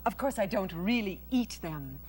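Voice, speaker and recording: A woman voicing a calm, wise female spider who talks in a measured, matter-of-fact way. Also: mid-range voice, a little hiss or hum, natural voice. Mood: cheerful, matter-of-fact. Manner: measured, cheerfully practical. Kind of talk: storybook read-aloud.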